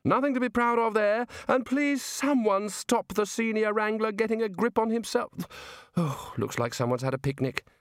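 A man's voice: high-pitched, lively intonation, normal speed, no echo, studio quality, voice pushed up. A man voicing a pompous, bossy elderly wizard leader in a blustering, imperious manner.

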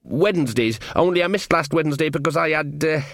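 A man's voice: on the high side, expressive, a little fast, creaky, a bit bright, dry recording, studio quality, pitched above the performer's own voice. A man voicing a nervous, injured young man who hesitates and stammers.

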